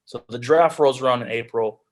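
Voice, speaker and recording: A man's voice: medium pitch, fairly quick. Earnest young man on a video call. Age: young adult. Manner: earnest, heartfelt, with frequent restarts and "like". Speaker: guest speaker, pro football player. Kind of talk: personal storytelling on a group call.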